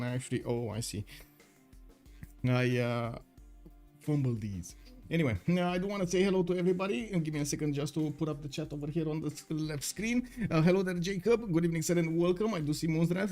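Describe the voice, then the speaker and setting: A man's voice: high voice, fairly quick, a little mellow. A man casting a live strategy game stream, greeting viewers politely and talking with frequent "uh" fillers. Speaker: esports caster.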